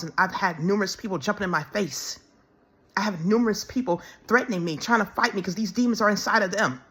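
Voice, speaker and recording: A woman speaking in an emotional personal monologue, halting and repeating words, close to tears as she pleads. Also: medium pitch, sharp tone. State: tearful, close to crying. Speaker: self-described minister.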